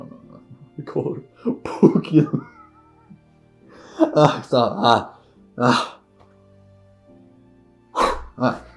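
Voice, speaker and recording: Man, casual film reaction, laughs often, slow delivery, bouncy pitch. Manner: laughs often, exclaims and repeats phrases. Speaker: reaction video creator. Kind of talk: casual movie reaction commentary.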